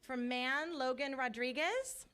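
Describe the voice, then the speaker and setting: A woman reads out names one by one at a school board ceremony, her voice sitting a little high. She is friendly and careful with pronunciation, checking whether she got each name right. Faint noise lies behind her. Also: slow, a bit bright. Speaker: announcer calling student award winners. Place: school board meeting room.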